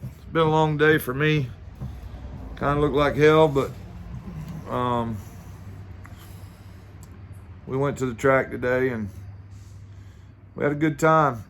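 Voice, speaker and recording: A man's voice: mid-range voice, fairly even intonation, a little slow, long pauses, fairly bright tone, slight background noise. A middle-aged man, casually telling a rambling story to the camera with lots of fillers, restarts and the odd curse. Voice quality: plain-spoken and informal, swears casually. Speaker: amateur drag racer.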